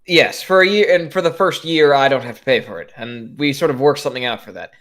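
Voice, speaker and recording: A man's voice: medium pitch, fairly bright tone. A man playing a tabletop role-playing game, speaking in character with many fillers and restarts. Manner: halting, full of fillers and restarts. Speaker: player.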